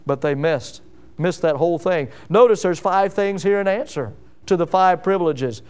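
A middle-aged pastor preaching a sermon, emphatic, with rhetorical questions and sudden drops to a hush. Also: male voice, high-pitched, moderate pace, clean tone.

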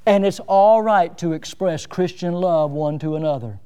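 A middle-aged man preaching a sermon in a folksy, plain-spoken way, with self-mocking humor and lively emphasis. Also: a little high, moderate pace, clean tone.

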